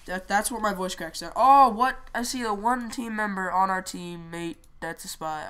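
A gamer plays a shooter and gives casual, excitable commentary, often shouting and repeating words in quick bursts. Her voice is mid-range with a clean tone.

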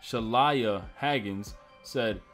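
A man's voice: fairly low pitch, very slow, a bit bright, soft background music. A man hosting a reaction video, commenting in a loose, joking way with plenty of swearing. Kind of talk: casual commentary.

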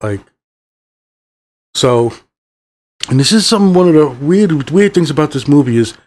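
A man's voice: on the high side, animated, measured pace, a little mellow. A middle-aged man hosting a movie review channel, ranting in a heated, rambling way and swearing often.

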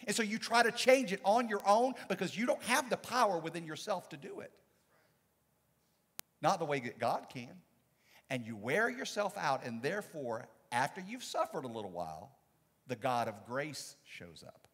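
A man preaching from the pulpit, his husky voice set a little high for a man. He swings from loud bursts to quiet asides. A long church-hall reverb trails each phrase. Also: very animated, moderate pace. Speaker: pastor. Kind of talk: sermon. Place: church sanctuary.

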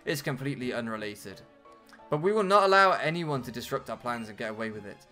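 A man's voice: mid-range voice, expressive, fast talker, bright, forceful tone, faint music behind. A British man reading a stern villainous sage. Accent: British English.

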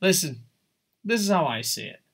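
A man streaming a video game, chatting casually with viewers in an excitable, rambling way, swearing often and poking fun at himself. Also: on the high side, moderate pace, creaky, breathy edge. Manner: excitable, rambling, swears a lot, self-mocking. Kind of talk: casual live-stream chat while gaming.

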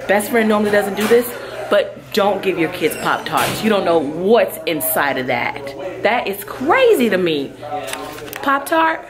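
A woman vlogger talks to her viewers in an easy, unhurried way. She is chatty and expressive and bursts into loud, alarmed exclamations. Music plays clearly behind her. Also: mid-range voice. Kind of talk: casual vlog chat.

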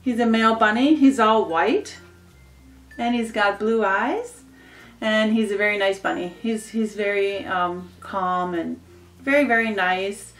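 A woman's voice: medium pitch, steady tone, unhurried, fairly bright tone, soft background music. Chatty woman in an echoey room. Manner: chatty, rambling, coos baby talk at her pets. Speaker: pet vlogger. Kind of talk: casual show-and-tell. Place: home with pets.

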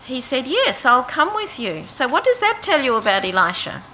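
A woman's voice: high voice, very animated, moderate pace, sharp tone, slight background noise, low-quality recording. A woman teaching a Bible passage to a group, reading verses aloud and asking her listeners questions. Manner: asks the audience questions, reads verses aloud. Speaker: preacher.

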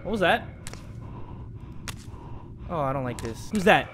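A young man commentating a horror game, excitable and jokey, dropping to a hush and then shouting. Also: fairly high pitch, unhurried, background noise. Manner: excitable, jokey, swings between hushed and shouting. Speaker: gaming commentator.

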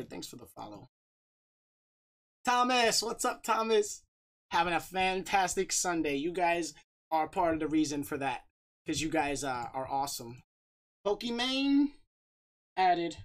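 Male streamer, laid-back and upbeat, rattling off shout-outs to chat on a desk mic. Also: fairly high pitch. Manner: upbeat, shouting out viewers by name. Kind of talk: casual livestream chat.

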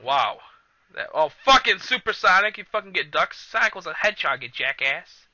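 A man commentating a video game in a loud, profane, excitable way, recorded on a cheap computer mic. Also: high-pitched, normal speed, dry recording, lo-fi sound. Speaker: let's play host. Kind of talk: casual gameplay commentary.

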